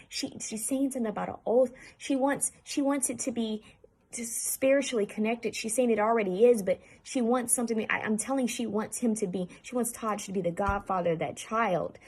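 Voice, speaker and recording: A woman giving a channeled spirit reading, talking earnestly and haltingly to her viewers and repeating herself as she relays messages. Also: on the high side, darkish tone, slightly rough. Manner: halting, repetitive, earnest, addresses viewers directly. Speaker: spiritual medium.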